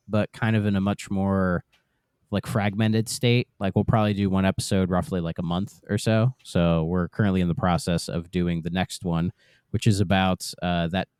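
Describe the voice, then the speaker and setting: A man appearing as a podcast guest, introducing himself in easygoing, halting casual chat. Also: sits low, a little mellow, smooth, dry recording, studio quality. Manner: easygoing, restarts a lot. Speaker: podcast guest, co-host of another show.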